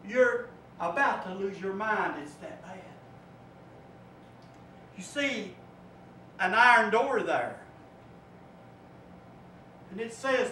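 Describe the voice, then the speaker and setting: A man preacher giving a sermon, telling a vivid story that swells and drops to a hush. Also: sits high, animated, takes it slowly, pauses often. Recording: echoey room, from far off, faint noise.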